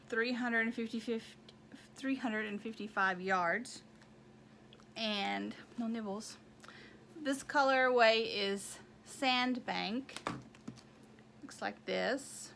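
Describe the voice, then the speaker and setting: A chatty woman hosts a knitting show, rambling as she shows her projects and counts squares aloud. Her voice sits a little high, with a bright, forward tone. She takes her time, unhurried, over a faint background hum. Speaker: knitting podcast host. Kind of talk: casual show-and-tell chat.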